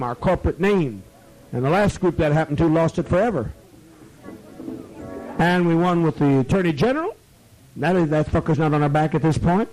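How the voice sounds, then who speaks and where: Profane, commanding man with a mellow voice. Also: on the high side, low-quality recording. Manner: slows to a drawn-out, soothing tone at times. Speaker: community leader addressing members. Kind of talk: rambling address to a gathering.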